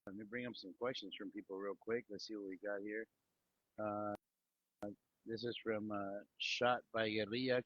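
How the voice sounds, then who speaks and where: A man hosting a casual interview speaks in a low, husky voice. The sound is dry and dull, like a lo-fi remote feed. He speaks in a relaxed way and keeps his replies short. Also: no room sound. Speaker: host.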